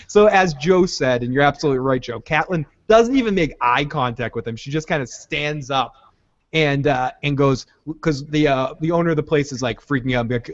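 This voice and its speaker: A man's voice: a little high, brisk, no echo. Chatty man recapping a show. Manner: animated, acts out quotes, laughs often. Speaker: podcast co-host. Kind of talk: casual recap chat. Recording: dull lo-fi audio.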